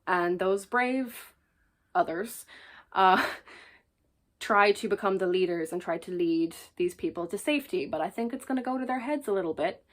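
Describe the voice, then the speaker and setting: A woman's voice: medium pitch, lively intonation, normal speed, fairly bright tone. A woman talking casually to the camera as a book reviewer, chatty, jokey and enthusiastic.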